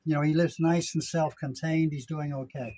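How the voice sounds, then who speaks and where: A man's voice: fairly high pitch, steady tone, moderate pace, dark tone, a little hiss or hum, poor audio. Older man rambling in a chatty vlog. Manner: rambling, chatty, self-correcting. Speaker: vlogger. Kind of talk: casual vlog chat. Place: outdoors at a gated apartment complex in Mexico. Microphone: handheld phone camera.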